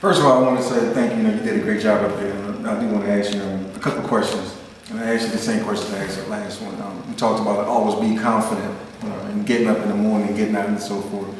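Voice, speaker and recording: Low-ish voice, man asking questions after a talk, sounds far off with lots of hall echo. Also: level tone, fast talker. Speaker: audience questioner. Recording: echoey hall from far off, faint noise.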